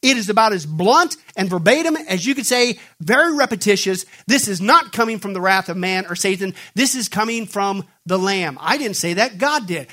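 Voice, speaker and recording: A man preaching a sermon, reading scripture aloud and firing questions at his listeners, then answering them himself with loud emphasis or low intensity. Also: animated, a little fast. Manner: emphatic call-and-response questioning.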